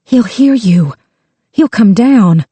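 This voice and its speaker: A woman doing a frightened, hushed captive. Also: medium pitch, expressive, takes it slowly, breathy edge, no room sound, voice pushed up. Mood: fearful. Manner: hushed, fearful.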